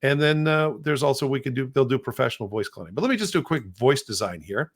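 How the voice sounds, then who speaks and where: A man's voice: medium pitch, animated, quick pace, slightly rough. A middle-aged man hosting a podcast, explaining as he goes in a loose, rambling way with many restarts. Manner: rambling, frequent restarts and repeated words. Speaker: podcast host. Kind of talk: casual podcast demo.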